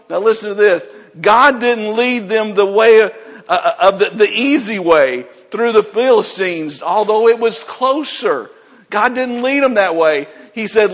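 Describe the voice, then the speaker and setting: A man preaching a sermon, animated, acting out the voices of biblical figures. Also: high voice. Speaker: pastor. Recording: dull sound with long hall reverb.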